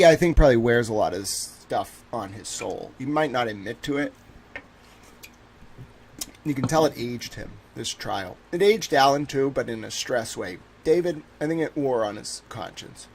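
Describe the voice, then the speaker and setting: A man in his thirties hosting a casual livestream, reading a legal document aloud and breaking off to joke and ramble. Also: medium pitch. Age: 30s. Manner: rambling, joking, reads a document aloud and interjects. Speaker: livestream host.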